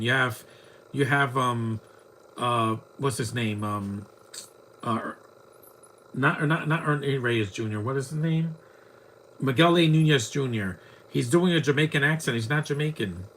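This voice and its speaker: A man with a medium-pitched, slightly bright voice gives casual live commentary on a movie, rambling and chatty as he mocks what's on screen. Slight background noise can be heard.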